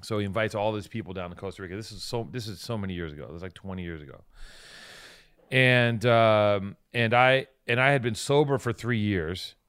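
A man's voice: fairly low pitch, brisk, a bit bright, clean tone, dry recording. Rambling, profane man with a dry close sound. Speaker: podcast co-host. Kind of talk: casual chat.

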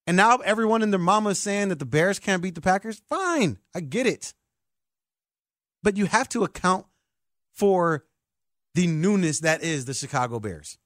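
A man hosting a sports talk show, excitable and emphatic like a hyped fan. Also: high voice, normal speed, long pauses, dry recording, clean studio sound. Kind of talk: animated sports podcast talk.

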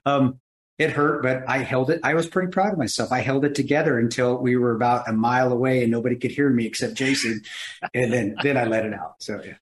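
A man, a guest, telling his injury story in casual chat, laughing and animated. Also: mid-range voice, fast talker, a little hiss or hum. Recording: roomy echo.

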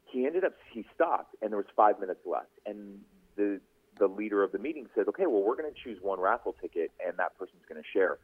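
Over thin, tinny phone-line radio audio, a man with a fairly low, husky voice tells his story briskly. He hosts a podcast and anchors news, and as a guest in this casual interview he acts out each person he quotes.

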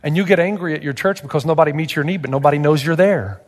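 A male pastor preaching a sermon, animated and emphatic, firing rhetorical questions at the congregation. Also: a little high, fast, long reverb tail. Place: church.

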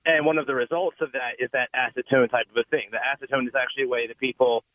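A man calling in to explain a diet, calm and explanatory, a little hoarse from a cold, heard over a phone line. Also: medium pitch, fast talker, no room sound. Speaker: caller, keto specialist.

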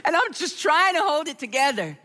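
A middle-aged woman pastor preaches a sermon built around a personal story, telling it with animation and acting out the voices of the people involved. Her voice sits high and her pace is brisk.

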